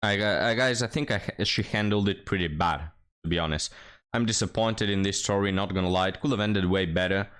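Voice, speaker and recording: Low-voiced sarcastic male reaction host. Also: brisk, a bit bright, smooth. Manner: sarcastic, mocking. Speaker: commentary channel host. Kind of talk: reaction commentary.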